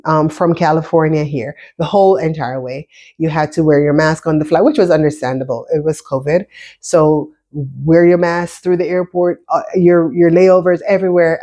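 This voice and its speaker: Originally from Jamaica and long settled in America, this woman in her fifties speaks with a blended Jamaican-American accent in a voice on the low side with a darkish tone. As a vlogger, she shares her own story with the camera in a loose, chatty way, stopping to restart and repeat words.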